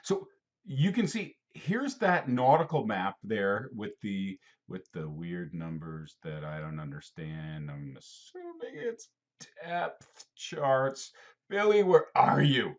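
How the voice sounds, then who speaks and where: A man's voice: fairly low pitch, sing-song, takes it slowly. Playful rambling guy teaching a geography lesson, voice bounces up and down, kinda muffled lo-fi sound. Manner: rambling, playful, talks to student directly. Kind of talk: casual video lesson.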